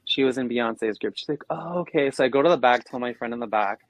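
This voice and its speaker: A man's voice: medium pitch, fast, dry recording, low-quality recording. A man co-hosting a podcast, telling stories in casual chat and acting out what people said. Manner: animated, acts out quoted voices. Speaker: podcast co-host.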